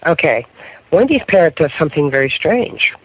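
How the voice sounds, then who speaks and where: A man's voice: on the high side, big pitch swings, normal speed, husky, no room sound. A middle-aged man, a paranormal investigator, tells stories as a guest on a radio talk show and keeps checking in with the listener. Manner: storytelling, keeps checking in with "okay?". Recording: muffled radio broadcast.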